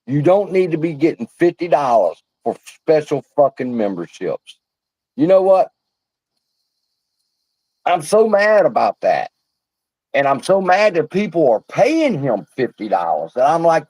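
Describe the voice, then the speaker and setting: A man's voice: a little high, big pitch swings, a little slow, a little mellow, no room sound, rough recording. A man hosting a livestream, ranting in a blunt, profane, fired-up way. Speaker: livestream host. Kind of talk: heated casual livestream rant.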